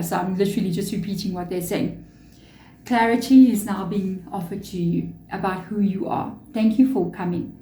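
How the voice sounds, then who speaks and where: A woman's voice: mid-range voice, normal speed, warm tone, echoey room, slight background noise, rough recording. A woman giving a chatty, earnest tarot reading to her viewers, with spiritual asides. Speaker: tarot reader.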